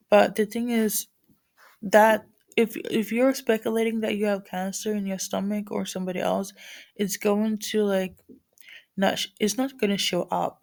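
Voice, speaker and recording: A woman's voice: mid-range voice, creaky, a little mellow. A woman with a morning voice giving a casual spiritual reading to viewers, rambling with many fillers and restarts. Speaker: spiritual reader.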